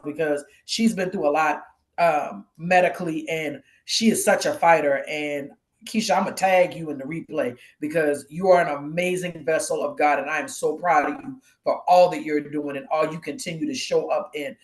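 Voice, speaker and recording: A woman guest co-host giving a personal testimony on a live show, animated and acting out the voices of the people in her story. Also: deep voice, moderate pace.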